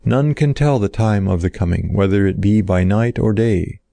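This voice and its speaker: A man voicing a compassionate woman who leads a sacred temple, speaking in solemn, measured commands. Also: on the low side, vocal fry, warm tone, no echo.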